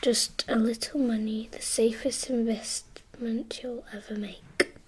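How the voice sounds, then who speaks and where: A woman's voice: on the high side, level tone, slow, darkish tone, a little hiss or hum. Woman whispering as a scheming pirate captain. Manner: boastful, wheedling salesman patter. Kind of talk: whispered role-play.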